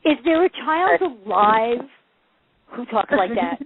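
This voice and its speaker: A woman's voice: fairly high pitch, takes it slowly, breathy edge, no room sound. A woman being interviewed as a parenting coach, telling stories with lots of laughs and acting out the voices of the people in them. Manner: lively storyteller who acts out quoted voices and laughs often. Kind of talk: casual interview chat. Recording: phone-line audio.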